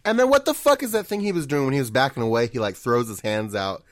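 A man co-hosting a casual gaming podcast, animated and incredulous, often laughing and swearing. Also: mid-range voice, quick pace, no echo, studio quality. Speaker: podcast co-host.

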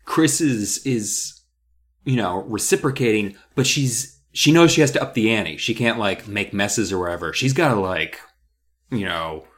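A man's voice: lowish voice, expressive, a little slow. A man co-hosting a casual podcast, rambling through his theory with lots of "like" and restarts and poking fun at himself. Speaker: podcast co-host.

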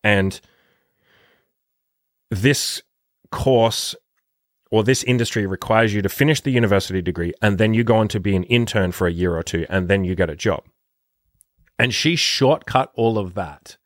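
A man's voice: on the low side, no room sound, clean studio sound. A man who works as a dating coach, talking casually and emphatically on his podcast with a lot of swearing. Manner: profane, emphatic, rapid-fire.

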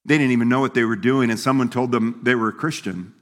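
A pastor delivers a sermon in a mid-range voice, talking quickly with fairly even intonation. His style is folksy and conversational, full of laughter and little impressions of the people he quotes, all carried by a long hall reverb.

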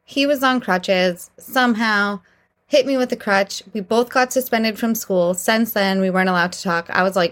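A woman's voice: medium pitch, moderate pace, fairly bright tone. A young woman hosts her own podcast and tells embarrassing dating stories in a casual monologue. She talks candidly and with a lot of animation, and laughs often as she goes. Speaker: podcast host.

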